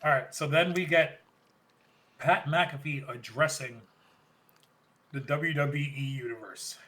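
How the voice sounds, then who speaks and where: A man co-hosting a podcast, recapping in casual chat with animated retellings, quick quoted bits and frequent laughter. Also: on the high side, rough recording. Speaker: podcast co-host.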